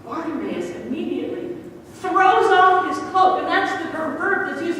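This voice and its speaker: A woman pastor giving a sermon, telling a scripture story with lively acted-out bits. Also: very high voice, moderate pace, slight background noise. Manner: lively storytelling, acting out the scene. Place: large church sanctuary. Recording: distant mic in echoey hall.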